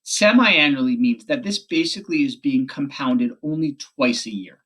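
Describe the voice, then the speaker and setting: A man teaching a math lesson on a recorded video, explaining quickly and correcting himself as he goes. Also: mid-range voice, expressive, a bit bright, breathy edge.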